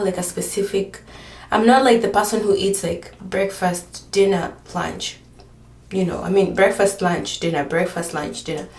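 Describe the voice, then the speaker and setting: A woman's voice: medium pitch, creaky, a little mellow, reverberant, far from the mic. A pregnant woman vlogger chatting casually, rambling with lots of fillers and often short of breath. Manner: rambling, filler-heavy storytelling. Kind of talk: casual chat.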